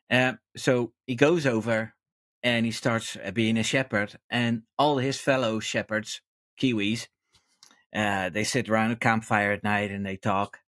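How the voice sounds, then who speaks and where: A man's voice: medium pitch, fairly bright tone, no echo. A man hosting a podcast, telling a long joke in a rambling, hesitant way. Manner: rambling, hesitant, many ums and restarts. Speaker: podcast host. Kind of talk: casual chat, telling a joke.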